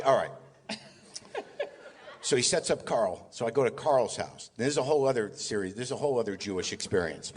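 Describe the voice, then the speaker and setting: Man, live storytelling comic, lively pitch, quick acted-out dialogue. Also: long reverb tail, slight background noise. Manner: animated, rapid-fire, acts out dialogue. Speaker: guest comedian.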